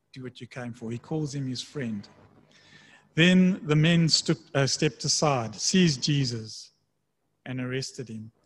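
A man preaching a sermon in a conversational way, slowing down to read scripture aloud. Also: medium pitch, a little hiss or hum. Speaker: pastor.

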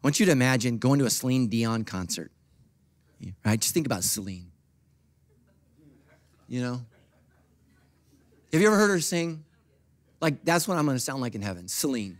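A middle-aged man preaching a sermon as pastor, jumping between quiet asides and loud animated peaks, with humorous asides to the congregation. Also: medium pitch, normal speed, long pauses. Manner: animated preaching with big swings from soft to loud.

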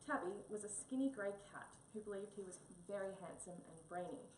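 A woman reading a children's picture book aloud in an expressive storybook manner. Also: mid-range voice, a little fast. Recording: echoey room, mic a bit far, faint hum.

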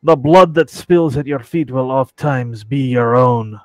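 A man putting on a gruff pirate guild master. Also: medium pitch, a little slow, a little mellow, no echo, lightly acted. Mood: stern. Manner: mock pirate growl, rolling declamation.

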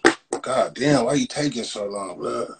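A man's voice: medium pitch, normal speed, creaky, a little hiss or hum, rough recording. Brash mocking man roasting viewers. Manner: loud, mocking, repeats "blood" constantly. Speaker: livestream host. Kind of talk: profane Instagram live roast.

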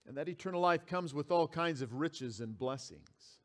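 A man's voice: fairly high pitch, lively intonation, moderate pace. A man preaching a sermon as pastor, reading scripture aloud and repeating key phrases for emphasis. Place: church sanctuary.

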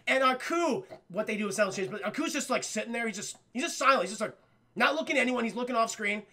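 A man streaming a cartoon recap in a rambling, excitable, profane way, often addressing his chat. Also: very high-pitched, fast. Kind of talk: casual profane scene recap.

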